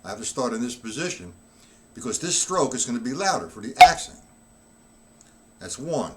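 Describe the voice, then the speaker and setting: A man's voice: mid-range voice, big pitch swings, moderate pace, very noisy. A man giving a live-streamed drum lesson who is not feeling well, coughing now and then and counting the beats aloud as he demonstrates. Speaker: drum teacher.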